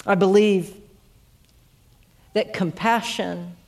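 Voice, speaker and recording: Woman preacher telling a sermon story; halting repeats that build to emphatic peaks. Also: mid-range voice, fairly even intonation, gravelly, a little mellow.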